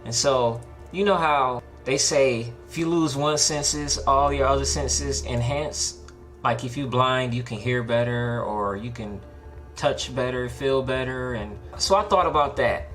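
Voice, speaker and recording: A young man casually telling a true story, laid-back and slangy, rising into a higher voice when he acts out his own panic. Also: a little slow, music in the background. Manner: laid-back slangy talk with many likes and restarts.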